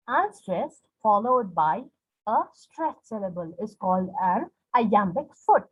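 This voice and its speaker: Husky woman teaching with exaggerated stress. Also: mid-range voice, animated, unhurried. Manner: explains step by step, repeating example words with exaggerated stress. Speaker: poetry teacher. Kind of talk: explanatory lesson. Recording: dull lo-fi recording.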